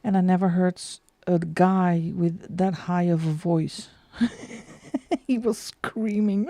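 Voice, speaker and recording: Slow, gravelly woman chatting casually. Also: lowish voice, steady tone, dark tone, no room sound. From Netherlands. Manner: chatty, rambling, answers chat, laughs often. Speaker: coloring livestream host. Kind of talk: casual live-stream chat.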